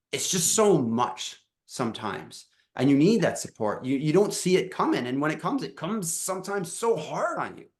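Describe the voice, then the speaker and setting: Emotional dad telling a halting story. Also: male voice, medium pitch. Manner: emotional, halting, with many restarts. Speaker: dad coach. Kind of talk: personal storytelling in a podcast chat.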